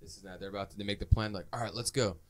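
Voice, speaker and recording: A man's voice: fairly low pitch, steady tone, rapid-fire. A man co-hosting a podcast, talking over a film in a rambling, profane way and acting out its scenes. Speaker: podcast co-host. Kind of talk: casual movie review chat.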